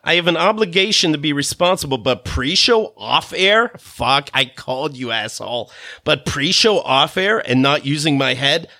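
Male podcast host, bright and lively, profane ranting storyteller. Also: on the high side, normal speed, dry recording, studio quality. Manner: animated, profane, laughing between rants.

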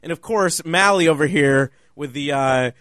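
A man's voice: on the high side, normal speed, a bit bright, no room sound, clean studio sound. A man co-hosting a casual podcast chat, rambling and correcting himself as he tells a story. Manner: rambling, restarts, self-correcting. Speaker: podcast co-host.

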